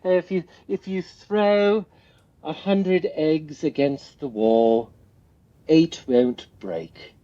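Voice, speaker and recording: A man doing an impression of a blunt British male rowing coach, with a put-on British accent and slow, drawn-out sayings. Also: a little high, warm tone, muffled recording, pitched above the performer's own voice. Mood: wry.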